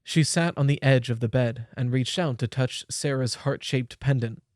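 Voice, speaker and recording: A young man reading a story aloud with measured, expressive delivery. His voice sits in the middle range. The recording is dry and close-miked, with no room echo. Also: medium pitch. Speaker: audiobook narrator. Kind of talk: scripted narration.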